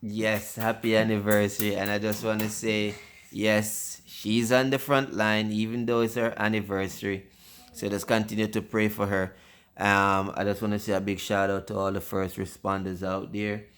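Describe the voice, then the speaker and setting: A man's voice: lowish voice, flat delivery, normal speed, a bit bright, smooth. A father hosting a casual family video, rambling and often stumbling over his words.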